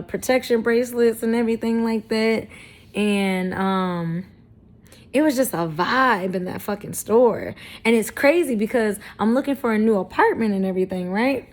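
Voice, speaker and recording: A woman in her thirties talking candidly to camera, blunt and profane, with emphatic, self-affirming spiritual talk. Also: on the high side. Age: 30s. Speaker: vlogger.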